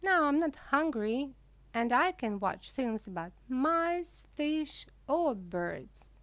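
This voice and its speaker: Slow, lively woman reading a storybook. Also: no echo. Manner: clear, deliberate reading with lively pitch. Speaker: reader.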